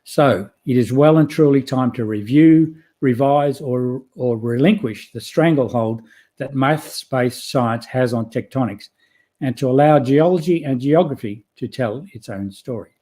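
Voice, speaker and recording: Hoarse man, mellow voice. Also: mid-range voice, a little slow. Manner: earnest, emphatic, with frequent self-corrections. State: hoarse, losing his voice. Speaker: guest geologist presenting his theory. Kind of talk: prepared presentation, then interview answers.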